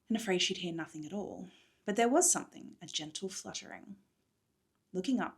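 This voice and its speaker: A woman's voice: on the low side, fairly bright tone. Chatty woman recapping her book. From Australia. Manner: enthusiastic, chatty, with laughs. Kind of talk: chatty readalong recap mixed with book reading. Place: hotel room.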